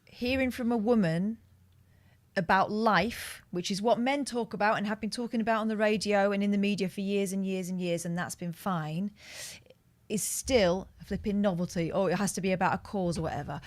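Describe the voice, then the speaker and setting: A woman, a guest on a chat show, talking in a measured and earnest way. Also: mid-range voice. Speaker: guest co-host.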